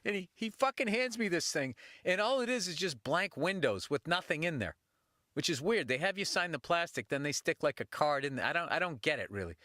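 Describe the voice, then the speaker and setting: A man's voice: a little high, fairly quick, dry recording, clean studio sound. A middle-aged man hosting a podcast, telling stories casually with lots of swearing and acted-out voices. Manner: profane, animated, puts on voices while telling stories. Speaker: podcast host. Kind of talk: casual comedic storytelling.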